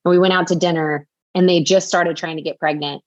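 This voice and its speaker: A woman's voice: on the low side, steady tone, a little fast, no room sound, lo-fi sound. A woman in her forties, a podcast guest, candidly telling a personal story in a heartfelt way, full of fillers. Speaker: podcast guest, author and speaker.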